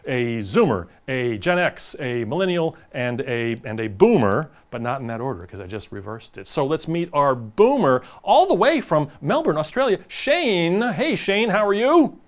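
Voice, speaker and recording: A man's voice: on the high side, big pitch swings, moderate pace, hardly any pauses. A man hosting a quiz show over a video call, cracking puns and bantering with contestants. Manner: jokey, punning banter with contestants.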